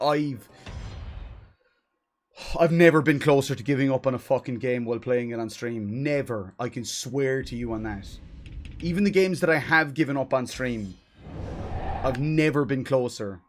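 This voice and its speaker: A man's voice: mid-range voice, moderate pace, pauses often. A man streaming a video game, ranting in frustration and swearing often. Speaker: gaming streamer. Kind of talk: casual live-stream commentary.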